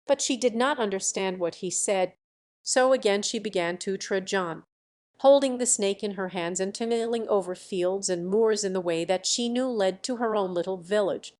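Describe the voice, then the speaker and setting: A woman narrating a fairy tale audiobook in a steady, measured way. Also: medium pitch. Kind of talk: storybook narration.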